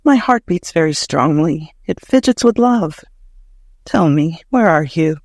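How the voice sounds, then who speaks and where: Male narrator with a high voice for a devotional audiobook, prayerful and emotional. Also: expressive, a little slow, darkish tone, dry recording, clean studio sound.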